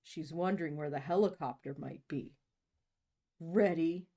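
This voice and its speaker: A woman host reading a novel aloud in a deadpan way, breaking off for jokey asides. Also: on the low side, measured pace. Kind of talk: comic read-aloud of a novel.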